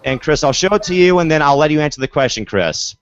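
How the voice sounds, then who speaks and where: A man's voice: fairly high pitch, animated, fast talker, clean tone, no echo, muffled recording. A man hosting a casual online sports show, talking chattily and repeating "of course" and "folks.". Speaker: podcast host.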